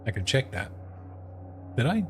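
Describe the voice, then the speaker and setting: A man's voice: mid-range voice, normal speed. A man streaming a game, telling a long story in rambling, profane casual chat. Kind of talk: casual chat while gaming. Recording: steady background noise.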